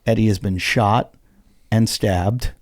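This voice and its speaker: A man who is a comedian, telling a story on a podcast in an animated way and swearing freely. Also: on the low side, slow pace, dry recording, clean studio sound. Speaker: comedian guest. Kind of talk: casual podcast chat.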